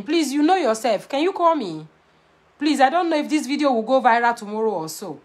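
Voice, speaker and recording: Blunt high-voiced woman with a Nigerian Pidgin accent. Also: a little fast. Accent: Nigerian Pidgin English. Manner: blunt, animated, switching between Pidgin and English. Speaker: vlogger giving marriage advice. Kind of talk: casual to-camera talk.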